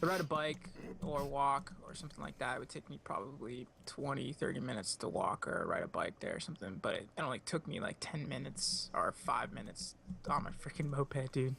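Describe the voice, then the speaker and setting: A man's voice: expressive, fairly quick, creaky, pushed and bright. A young man co-hosting a podcast over a call, telling laid-back stories full of "dude" and "like". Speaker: podcast co-host. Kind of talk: casual chat over a call. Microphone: video call. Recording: faint background noise, low audio.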